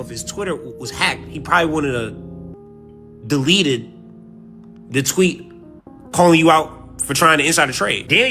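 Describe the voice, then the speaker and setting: Animated, bright-voiced man mocking the news. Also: fairly high pitch. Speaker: podcast co-host. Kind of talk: casual commentary reading posts aloud.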